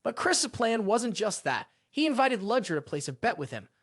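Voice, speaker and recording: Guy narrating a story recap, pretty high voice, bouncy delivery, dry close mic. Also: very animated, normal speed, a bit bright, no room sound. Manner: reads every character's lines in the same narrating voice.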